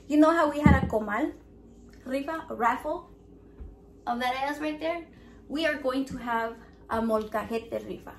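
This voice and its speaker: In this casual vlog, a high-voiced woman runs a raffle, loud and profane with a playful streak, moving back and forth between Spanish and English. The room echoes, with faint noise behind her.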